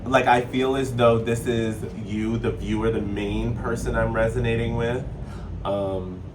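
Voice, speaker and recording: A man giving a casual spiritual tarot reading, chatty and excitable, with a playful, sassy way of talking. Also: mid-range voice, a little slow, distant mic, noisy background. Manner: playful, sassy, slips into joking accents. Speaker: tarot reader.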